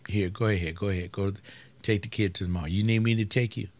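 A soothing husband speaks low and quiet, as a man acts him out. He is gentle and unhurried as he gives in to his wife. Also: fairly even intonation, natural voice.

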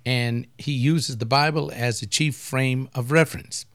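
Blunt older pastor hosting a webcast. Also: male voice, mid-range voice, steady tone, unhurried, no room sound. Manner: blunt and provocative, rambling asides. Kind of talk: casual talk-radio monologue.

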